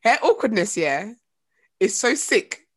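A woman's voice: mid-range voice, sing-song, a little slow, husky. A young woman, co-hosting a casual podcast chat, emphatic and slangy, laughing a lot. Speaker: podcast co-host.

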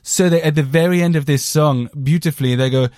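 Man, casual rambling chat, slightly high pitch, dry close mic. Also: brisk, darkish tone, no echo. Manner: chatty, rambling, jokey with crude asides. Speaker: podcast host reviewing a record.

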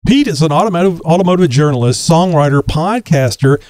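A man's voice: a little high, animated, brisk, a little mellow, no room sound. A man from Texas hosting a casual podcast interview, chatty with frequent laughs and fillers. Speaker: podcast host.

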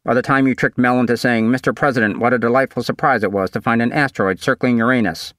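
Wry teasing mission control guy, a man reading it, slightly raised and louder. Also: mid-range voice, steady tone, fast talker, no echo, studio quality, close to an everyday voice. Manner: wry, ribbing.

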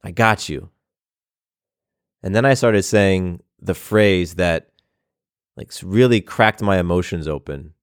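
Low-voiced reflective man in his thirties. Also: dry recording, clean studio sound. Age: 30s. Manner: reflective, earnest, repeats phrases. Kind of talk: personal storytelling monologue.

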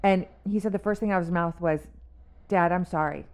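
Fast-talking woman telling a story. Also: lowish voice. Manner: animated storyteller who acts out quotes. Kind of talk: casual chat.

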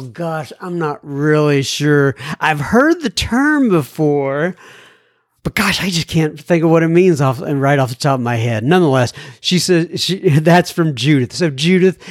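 A man's voice: a little high, sing-song, measured pace, no room sound, clean studio sound. A man hosting a podcast, reading listener letters aloud in a playful, chatty way and addressing each writer by name. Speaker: podcast host. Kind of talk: casual podcast chat reading listener mail.

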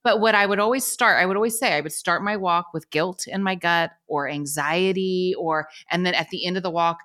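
A woman's voice: on the low side, fairly quick, sharp tone. A woman in her forties, a podcast guest, chatting candidly and laughing often. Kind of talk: casual chat.

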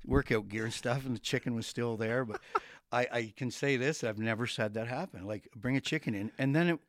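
A man's voice: medium pitch, brisk, dry recording, clean studio sound. A middle-aged man, a retired hockey coach, telling stories as a guest in a casual podcast interview and often laughing. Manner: rambling storyteller who laughs often.

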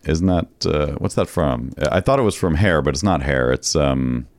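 A man's voice: very deep voice, lively intonation, moderate pace, no room sound. A man co-hosting a podcast in casual chat, telling stories and laughing easily. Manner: chatty, storytelling, laughs easily. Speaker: podcast co-host.

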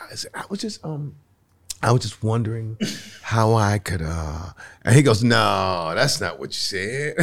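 Animated storytelling man. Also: on the high side, normal speed, vocal fry. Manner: animated, laughs often, acts out voices in his stories. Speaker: guest comedian. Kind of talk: casual storytelling.

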